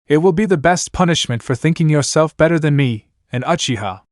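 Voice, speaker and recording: A man's voice: a little high, lively intonation, brisk, no echo, studio quality, pitched above the performer's own voice, close to an everyday voice. A man voicing an arrogant, scheming young male ninja thinking boastfully to himself. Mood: smug. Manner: smug, boastful inner monologue.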